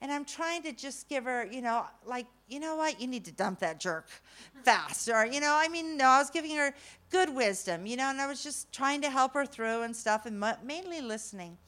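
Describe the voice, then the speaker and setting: Animated, slightly high-voiced grandmother storyteller. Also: brisk. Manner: animated, self-mocking, swings between loud and hushed. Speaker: speaker telling a story to an audience. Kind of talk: humorous personal storytelling.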